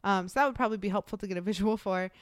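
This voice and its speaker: A woman's voice: medium pitch, very fast, clean tone, no room sound, studio quality. Blunt, swearing young woman podcast co-host. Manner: blunt, swears casually, animated. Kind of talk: casual chat.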